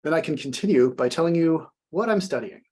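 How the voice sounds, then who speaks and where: Brief: young man, French teacher, husky voice, patient and explanatory, sounds out phrases slowly. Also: on the high side, lively intonation, darkish tone. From United States. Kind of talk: classroom language lesson.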